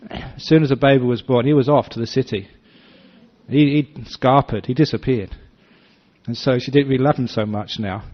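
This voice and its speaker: An older man, a Buddhist monk, giving a dharma talk that is full of storytelling, acting out voices with gentle humor. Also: mid-range voice, normal speed. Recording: slightly dull lo-fi recording.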